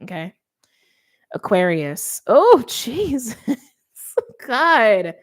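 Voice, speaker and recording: A woman's voice: fairly high pitch, sing-song, extremely slow. A young adult woman giving a chatty, emphatic tarot reading, interrupting herself often. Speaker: tarot reader.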